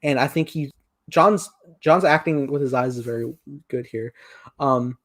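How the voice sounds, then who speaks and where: A man's voice: medium pitch, unhurried, a bit bright. A young man co-hosting a casual film review podcast, animatedly retelling scenes and acting out quoted lines. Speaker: podcast co-host.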